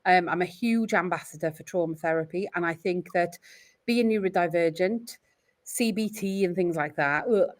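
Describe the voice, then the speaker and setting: Speaking at normal speed in a lowish voice, a middle-aged Welsh woman opens up on a podcast about her life as a parent. She comes across as earnest and reflective, telling her stories expressively.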